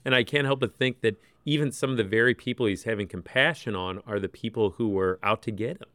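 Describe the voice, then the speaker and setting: Smooth low-voiced man reflecting on scripture. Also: fast, dry recording. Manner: thoughtful, gentle, with casual fillers. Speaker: co-host. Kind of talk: conversational Bible discussion.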